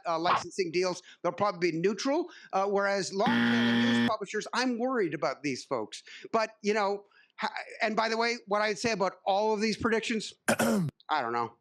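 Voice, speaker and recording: A man's voice: high-pitched, brisk, fairly bright tone. A man giving a conference keynote talk, with wry joking asides and frequent "uh" fillers. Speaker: keynote speaker. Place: conference stage.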